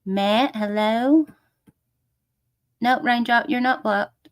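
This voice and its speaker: A woman with a fairly high, clear, resonant voice speaks at a slow pace while hosting a casual livestream. She reads comments, greets viewers with endearments, and erupts into swearing rants. The studio sound is clean, with no room sound.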